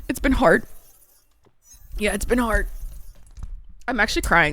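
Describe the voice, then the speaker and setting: A woman's voice: medium pitch, animated, a little slow, long pauses, music in the background. A young woman streamer chatting casually with her viewers, emotional and swearing freely. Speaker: live streamer.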